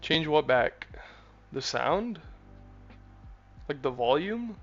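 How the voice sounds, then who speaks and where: A man's voice: a little high, very animated, slow pace, highs cut off. A man chatting casually to his live-stream chat while coding a game, a little defensive. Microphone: desk mic, input gain changed. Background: faint music, room fan.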